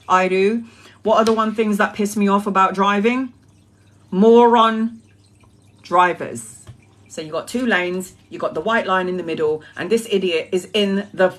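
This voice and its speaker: Swearing, laughing woman ranting. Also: mid-range voice. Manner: swears freely, laughs often, animated. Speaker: tarot livestream host. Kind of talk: casual ranting storytelling.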